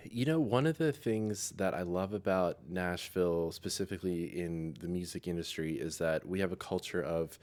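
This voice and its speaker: A young man from East Tennessee, a musician guest, answering in a relaxed way, laughing often and filling with ums. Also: deep voice, moderate pace, hardly any pauses. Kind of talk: casual interview answers.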